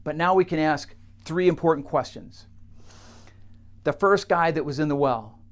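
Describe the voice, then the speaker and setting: A man who works with clients, telling a teaching story straight to camera in a halting way, with many fillers and restarts. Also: fairly high pitch. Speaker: coach working with clients.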